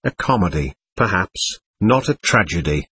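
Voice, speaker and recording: A man's voice: low-pitched, big pitch swings, moderate pace, bright, forceful tone, slightly rough, no room sound, voice pushed down, exaggerated voice. A man reading aloud, voicing a capricious, mocking teenage girl who is ill. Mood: teasing.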